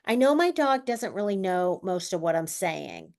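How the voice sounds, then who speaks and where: Chatty woman host with lively pitch. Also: moderate pace. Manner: chatty, self-deprecating, laughs often. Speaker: podcast host. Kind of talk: casual podcast chat.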